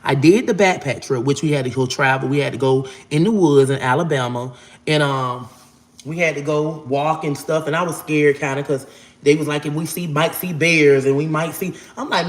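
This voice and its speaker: A woman's voice: sits low, moderate pace. A woman in her forties tells a long personal story straight to camera, swearing to God and calling out to her viewers. Her talk is emphatic and casual. The sound rings with a roomy echo. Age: 40s. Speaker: storyteller vlogger. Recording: echoey room.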